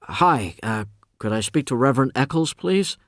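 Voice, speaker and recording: A restless young man, awkward and pleading, who stumbles over his words, read by a male narrator in an audiobook. His voice lifts a little above the reader's plain tone, at a middle pitch. The sound is dry and close. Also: animated, no echo, close to an everyday voice. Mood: hesitant. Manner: hesitant, halting. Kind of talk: audiobook character reading.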